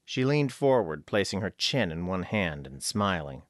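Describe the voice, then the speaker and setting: Male narrator, lively rising and falling delivery, lowish voice, dry close sound. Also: measured pace, dry recording. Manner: expressive storytelling. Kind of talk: scripted audiobook narration.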